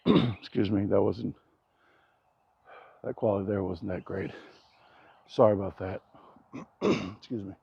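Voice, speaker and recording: A man talking casually to camera while building outdoors, rambling and cracking jokes, keeping his naturally loud voice down. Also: on the low side, steady tone, slow pace, vocal fry, pauses often, husky, dry recording, highs cut off. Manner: joking, rambling, self-deprecating asides. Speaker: vlogger. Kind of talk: casual vlog talk to camera. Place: outdoors at a backyard building site. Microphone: action camera.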